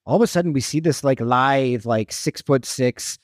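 A man's voice: mid-range voice, moderate pace, dry recording, studio quality. A man co-hosting a casual podcast debate, telling stories with lots of animation and acting out voices. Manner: animated storyteller who acts out voices. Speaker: podcast co-host.

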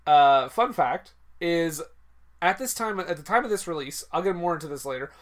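A man's voice: a little high, animated, normal speed. A man co-hosting a casual movie podcast, talking through scenes in a chatty, thoughtful way with many restarts. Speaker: podcast co-host.

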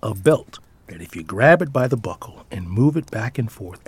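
Husky-voiced man reading a quiet essay. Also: fairly low pitch, lively intonation, normal speed, few pauses. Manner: quiet, often drops into a near whisper. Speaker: father reading his own essay. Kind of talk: reflective personal essay reading.

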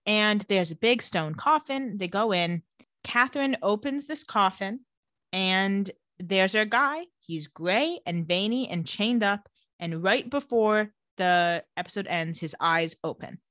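A woman's voice: mid-range voice, animated, unhurried, sharp tone, dry recording. A woman casually recapping and discussing a TV episode, retelling scenes and quoting characters. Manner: narrates scenes and quotes characters in a conversational tone. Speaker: podcast co-host recapping a TV show. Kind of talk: casual chat.

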